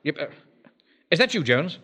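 An actor playing a pompous, blustering middle-aged bank manager who commands a home defence platoon. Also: male voice, on the high side, very animated, moderate pace, background noise. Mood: commanding. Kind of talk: broadcast sitcom acting.

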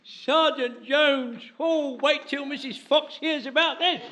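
Casting: a very high-voiced old butcher, overeager, fussy, stammering, for a sitcom. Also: male voice, fairly even intonation, takes it slowly, very noisy. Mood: grateful. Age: older. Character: excitable elderly male butcher soldier, eager and loyal. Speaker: elderly butcher and lance corporal. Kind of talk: broadcast sitcom acting.

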